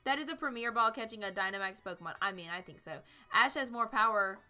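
A woman's voice: on the high side, quick pace, pushed and bright, faint music behind. A young woman from South Carolina, chatting and giggling through a live game stream. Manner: bubbly, giggly, chatty with chat. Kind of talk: live gameplay commentary.

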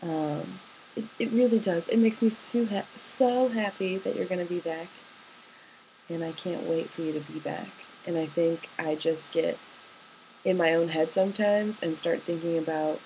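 Tender, rambling young woman, slightly low voice. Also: steady tone, normal speed, dark tone, a little hiss or hum, rough recording. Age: young adult. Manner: rambling, tender and hesitant, with many ums. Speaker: college student. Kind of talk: personal recorded voice message to a partner.

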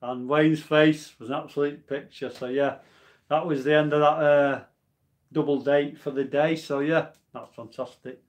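A man's voice: a little high, steady tone, normal speed. A man in his forties who hosts a homebrew channel, rambling in a casual live-stream chat and answering viewer comments as he goes.

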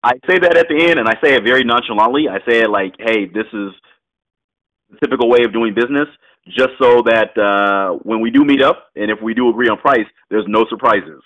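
A man coaching a student over a call on real estate, casual and loose, often laughing and acting out quick phone exchanges. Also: mid-range voice, a bit bright, low-quality recording. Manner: loose, laughing, quick bursts of role-played phone talk.

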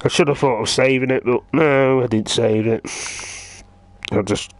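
A man's voice: medium pitch, steady tone, moderate pace, no room sound. A man playing a video game, ranting and swearing constantly in frustration. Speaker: gamer. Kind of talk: frustrated gaming commentary.

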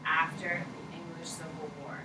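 A woman high school history teacher giving a casual, joking classroom lecture, repeating key points for students to write down. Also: completely flat delivery, moderate pace. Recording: echoey classroom from far off, noisy.

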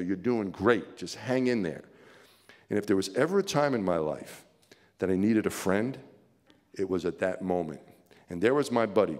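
Middle-aged male keynote storyteller, low-pitched, animated and chuckling, in a big reverberant hall. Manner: vivid storyteller, chuckling, swinging from hushed to excited. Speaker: keynote speaker. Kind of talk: storytelling speech to an audience.

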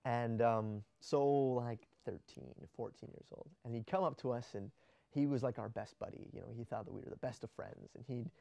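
A young man tells a story casually, rambling and restarting often. His voice is mellow and dark at a middling pitch. The sound is dry and close, with no room echo. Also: normal speed, creaky. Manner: rambling, many restarts and fillers. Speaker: vlogger.

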